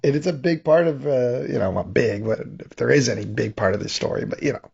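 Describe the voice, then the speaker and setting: A man's voice: medium pitch, quick pace, creaky, a little mellow, slightly rough, muffled recording. A man co-hosting a podcast, bantering and joking about a film. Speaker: podcast co-host. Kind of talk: casual movie recap chat.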